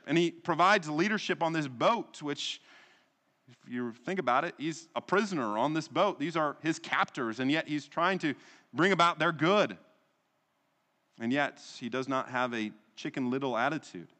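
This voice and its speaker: A man delivers a sermon as a pastor, his voice sitting at an ordinary middle pitch. He preaches with a rhetorical rise and fall, often closing a point with a question. The sound carries the long reverb of a large hall. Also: moderate pace, a bit bright.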